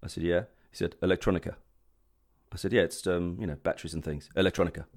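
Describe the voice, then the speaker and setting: A man's voice: sits low, steady tone, fast talker, darkish tone. A man chats loosely on a talk show. He tells his stories in a rambling way, restarting his sentences and breaking into laughs. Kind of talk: casual chat.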